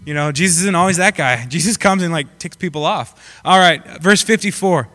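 A man's voice: a little high, moderate pace, pushed and bright. A young man giving a casual, joking sermon to a live audience. He rambles with many fillers and asides. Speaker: pastor. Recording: long reverb of a hall.

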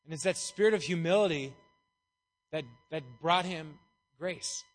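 A man's voice: a little high, unhurried. A man preaching a casual, playful sermon, chatty and jokey as he talks through a Bible passage. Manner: playful, chatty, acts out voices.

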